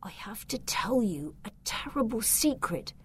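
A woman's voice: mid-range voice, lively intonation, measured pace. Woman voicing a frightened orphan boy. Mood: whispering. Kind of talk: storybook reading.

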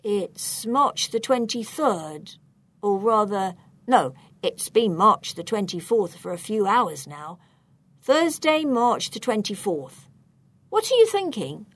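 A woman voicing a calm detective sidekick. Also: mid-range voice, slow pace, breathy edge, dry recording, heavily acted. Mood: thoughtful. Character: man, the narrator's loyal sleuthing companion. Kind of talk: read-aloud storybook.

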